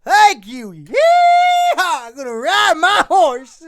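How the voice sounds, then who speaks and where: A woman's voice: very high-pitched, big pitch swings, slow pace, heavily acted. A woman voicing a rowdy, whooping hillbilly cowgirl in a mock Southern drawl for a comedic fan-fiction reading. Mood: hollering. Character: rowdy yee-hawing hillbilly cowgirl alien princess.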